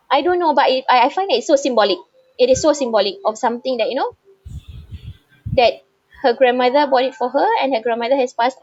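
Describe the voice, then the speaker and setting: Higher-voiced woman telling a heartfelt story. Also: darkish tone, no room sound. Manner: halting and heartfelt, with many repeated fillers. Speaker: bereaved daughter sharing a personal story. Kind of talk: emotional personal storytelling. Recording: slightly dull, dry recording.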